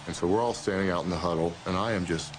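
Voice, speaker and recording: A former football player with a fairly low voice tells a lively locker-room story and acts out every line. The clip is archival, with faint noise under it. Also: male voice, quick pace. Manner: animated storyteller, acts out dialogue. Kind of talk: telling a story in an interview clip.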